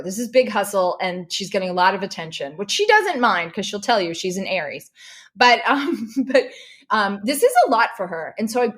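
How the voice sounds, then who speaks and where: Woman telling a heartfelt story. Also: mid-range voice. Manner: animated, restarts when moved. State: emotional. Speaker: podcast guest, correspondent. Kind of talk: emotional storytelling.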